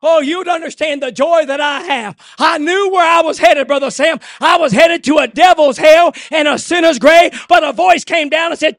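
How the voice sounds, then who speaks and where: A male preacher delivering a church sermon, swinging from hushed murmurs to shouted, rhythmic refrains. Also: very high voice, normal speed, gravelly, few pauses, no echo, studio quality. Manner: repeats refrains in a call-and-response cadence. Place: church service.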